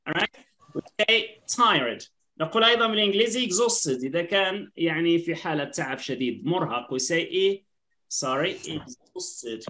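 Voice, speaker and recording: Bright-voiced woman teaching online. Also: low voice. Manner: mixes English and Arabic, asks "right?" constantly. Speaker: English teacher.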